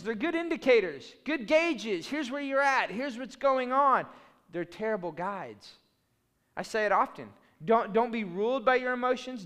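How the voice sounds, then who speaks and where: A male pastor preaches a passionate, fired-up sermon, swinging between loud bursts and soft, low asides, with a long reverb tail.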